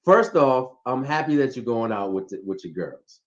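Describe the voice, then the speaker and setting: Animated man in playful relationship chat. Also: medium pitch, normal speed. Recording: dull lo-fi sound.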